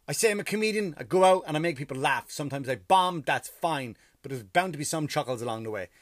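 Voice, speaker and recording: A man's voice: fairly high pitch, expressive, fast, no echo, clean studio sound. A tired, profane ranting man. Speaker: comedian. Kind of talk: casual storytelling monologue.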